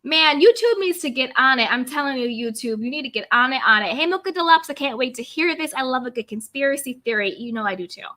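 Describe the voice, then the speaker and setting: A young adult woman hosting a live stream recap, greeting viewers one by one with bubbly, drawn-out hellos and pop-culture slang. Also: high-pitched, lively intonation, bright, forceful tone. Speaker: YouTube recap host.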